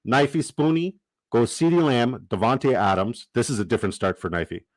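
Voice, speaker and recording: A man's voice: medium pitch, moderate pace, dry recording. Young guy streaming, swears a lot, gets hyped and rambles, dry close sound. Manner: profane, excitable, rambling asides. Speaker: livestream host. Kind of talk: casual livestream chat.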